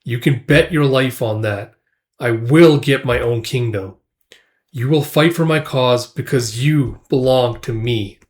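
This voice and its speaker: A man voicing a charismatic, ambitious young male mercenary commander in a casual comic recap, calm and quietly self-assured. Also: medium pitch, unhurried, close to an everyday voice. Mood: commanding.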